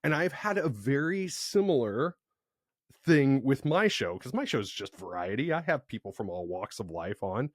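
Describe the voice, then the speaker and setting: A man hosting a podcast, talking in a relaxed, conversational way and affirming his guest. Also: medium pitch, normal speed, no room sound, studio quality. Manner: expressive, affirming interjections. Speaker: podcast host. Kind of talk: conversational interview.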